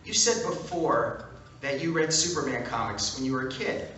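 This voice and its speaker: A man speaking at a fan event, telling an animated, punchy anecdote to a crowd. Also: medium pitch, moderate pace, a little hiss or hum. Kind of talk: storytelling talk. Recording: echoey hall from far off.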